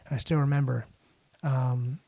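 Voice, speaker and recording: A middle-aged man from the United States, a podcast guest telling a personal story in a halting way, with frequent restarts and fillers. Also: mid-range voice, steady tone, vocal fry, darkish tone. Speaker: podcast guest, international lawyer.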